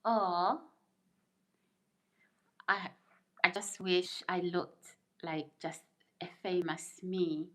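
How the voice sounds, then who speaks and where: A woman's voice: on the low side, steady tone, drawn-out words, long pauses, a bit bright. A middle-aged woman hosting a live stream, chatting casually, laughing often and answering viewer comments as she reads them out. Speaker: livestream host reading viewer comments.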